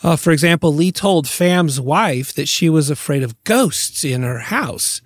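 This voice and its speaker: A man's voice: a little high, lively intonation, a little slow, no echo, clean studio sound. A man hosting a podcast, recounting a case in casual chat and laughing easily. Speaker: podcast host.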